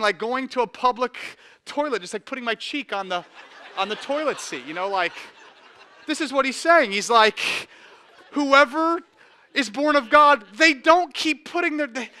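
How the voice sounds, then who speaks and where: Male pastor, thirties, dry close sound, lively storytelling sermon delivery. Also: very high voice, a little fast, clear, resonant tone, no echo. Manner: animated storytelling with shifts between quiet intensity and loud energy.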